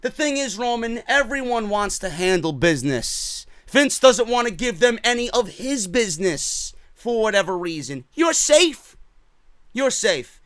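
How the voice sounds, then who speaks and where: High-voiced ranting man. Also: very animated, unhurried, a bit bright, smooth, no echo. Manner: heated, profane, sarcastic. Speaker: wrestling commentary vlogger. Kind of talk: ranting commentary.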